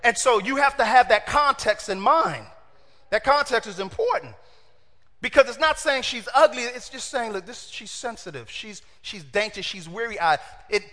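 A man preaching a sermon in an animated way, asking his congregation questions and acting out the quotes. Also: high voice, normal speed, big-room sound.

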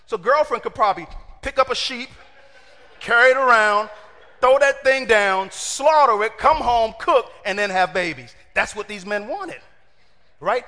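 A man preaching a sermon in an animated way, asking his congregation questions and acting out the quotes. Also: very high voice, a little slow, long reverb tail.

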